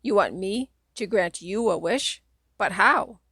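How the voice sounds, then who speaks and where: A woman's voice: medium pitch, lively intonation, slow, pushed and bright, breathy edge, dry recording, studio quality, heavily acted. A woman doing a frightened pleading kid. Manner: pleading, panicky. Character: scared kid hero, pleading.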